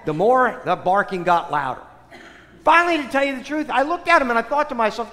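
A man preaching a sermon, telling stories in an animated way that swings between loud and soft. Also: extremely high pitch, a little fast. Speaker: priest. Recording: long hall reverb.

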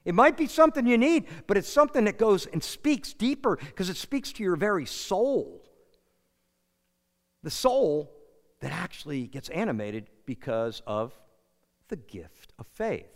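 Animated preacher in an echoing hall. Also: male voice, sits high, measured pace. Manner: animated, rises and drops in volume, acts out characters in the story. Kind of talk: sermon with storytelling. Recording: long reverb of a large hall.

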